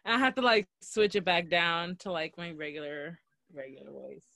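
A young woman co-hosting a podcast in casual chat, telling stories quickly and animatedly with frequent fillers. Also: fairly low pitch, expressive, pushed and bright, no echo. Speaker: podcast co-host.

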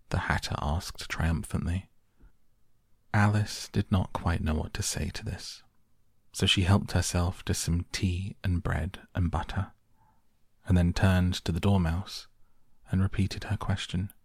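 A man reads a storybook softly and very slowly, to lull listeners to sleep. His voice is very deep, gravelly and husky. The sound is close and dry. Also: fairly even intonation, no room sound. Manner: slow, soft, soothing. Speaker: narrator. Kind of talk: soft bedtime story reading.

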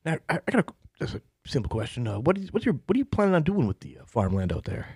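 A man voicing a relaxed, hard-drinking male pastor in his thirties who swears offhandedly, in a tabletop game. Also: medium pitch, fast, slightly rough, no echo, clean studio sound, voice pushed up, heavily acted. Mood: casual. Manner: casual, drawling, swears offhandedly. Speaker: small-town pastor.

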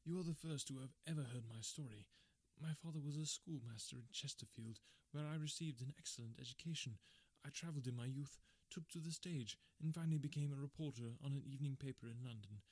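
A man's voice: mid-range voice, fairly quick, hardly any pauses, no room sound, voice pushed up, natural voice. A man voicing a refined, desperate male prisoner who pleads in anguish in a storybook reading. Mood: earnest.

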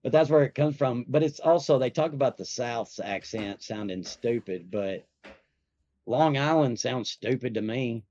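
A man's voice: medium pitch, expressive, normal speed, a little mellow. A man in casual chat, rambling in a laid-back way and trailing off mid-thought. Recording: dull lo-fi dry mic.

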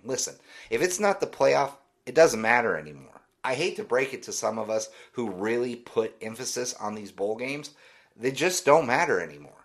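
A man's voice: medium pitch, sing-song, moderate pace. A man hosting a solo sports podcast, giving opinionated, dismissive commentary in a ranting way. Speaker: podcast host.

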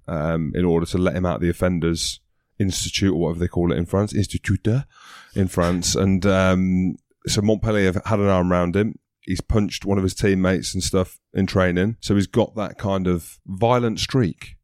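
A man co-hosting a podcast, chatting casually about rugby with excitable banter. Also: sits low, normal speed, hardly any pauses, no room sound, clean studio sound. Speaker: podcast co-host, rugby pundit. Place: podcast studio.

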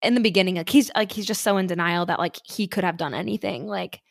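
A woman podcast co-host talks through a show recap in loose, casual chat. She fills her sentences with "like" and curses freely, in a slightly low voice. The recording is close and dry. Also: quick pace, creaky, dry recording. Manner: swears a lot, many fillers, laughs while recapping.

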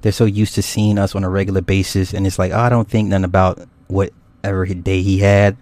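A man's voice: sits low, flat delivery, fairly quick, darkish tone, dry recording. A man hosting a casual livestream, rambling and swearing loosely with frequent laughs as he reads viewer comments. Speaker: YouTube host.

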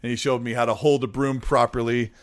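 A man's voice: mid-range voice, level tone, fairly quick, dry recording. A man hosting a live stream, chatting casually and reading out viewer messages. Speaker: streamer host.

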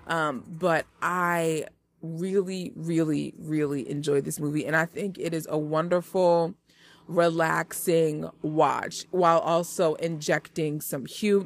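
A woman hosts a relaxed movie-review podcast, chatting straight to her listeners with plenty of hype. Her voice sits a little low, and she takes her time, stretching out her words. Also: no room sound. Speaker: podcast host.

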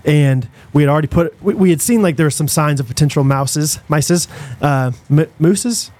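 A young man, co-hosting a podcast, telling a long story in a rambling, animated way full of fillers and restarts. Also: on the high side, normal speed. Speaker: podcast co-host. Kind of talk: casual storytelling chat.

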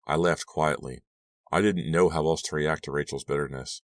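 A man reading an audiobook as narrator, steady and even. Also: a bass voice, normal speed, no room sound, clean studio sound. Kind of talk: scripted narration.

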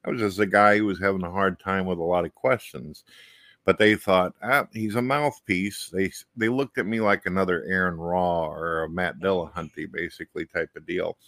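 A man's voice: deep voice, steady tone, normal speed, a bit bright, dry recording. A middle-aged man talking casually and bluntly, swearing freely as a show host. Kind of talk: casual conversation.

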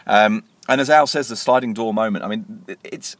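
Deep-voiced fast-talking man telling stories. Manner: animated storyteller, repeats words when starting. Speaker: podcast co-host and author. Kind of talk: casual podcast chat.

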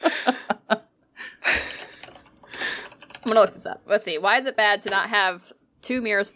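A woman hosting a casual chat, asking eager quick questions and reacting with laughing asides. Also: mid-range voice, pushed and bright. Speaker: podcast host.

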